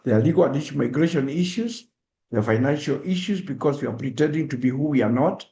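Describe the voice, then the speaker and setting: A man's voice: fairly high pitch, expressive, fast talker, gravelly, warm tone, reverberant. A man from Kenya with a Kenyan accent, giving an earnest public talk and urging his listeners emphatically. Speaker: speaker.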